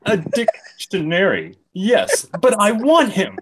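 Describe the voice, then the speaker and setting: A reader voicing a young woman, a swooning fangirl secretary who squeaks and whines in a very high voice. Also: huge pitch swings, slow, very noisy, exaggerated voice. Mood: whiny squeaking. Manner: squeaky, whining.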